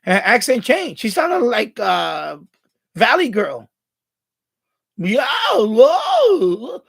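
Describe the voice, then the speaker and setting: Bronx-accented man, high and gravelly. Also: sing-song, slow, a bit bright. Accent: New York Bronx. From the Bronx, New York. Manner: rambling, stumbles and repeats words. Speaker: radio hobby live stream host. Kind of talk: casual live stream chat, answering viewer comments.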